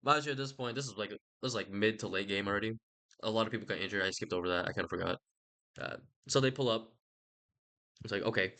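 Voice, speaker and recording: A man's voice: on the low side, quick pace, sharp tone. A young man rambling casually about a book he read, slangy and profane. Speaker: host.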